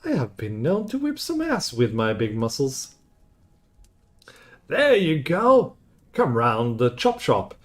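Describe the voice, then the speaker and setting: A man's voice: mid-range voice, huge pitch swings, takes it slowly, pauses often. A man doing a boisterous, brawny campus bloke. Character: brawny, cheerful male campus worker.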